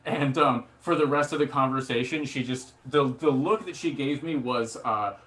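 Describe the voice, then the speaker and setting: A male stand-up comedian tells a long self-deprecating story, bright and forceful in tone. He rambles with plenty of fillers and restarts and acts out quotes of other people along the way. It is a live comedy performance on a theatre stage. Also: medium pitch, moderate pace. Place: theatre stage before a laughing audience.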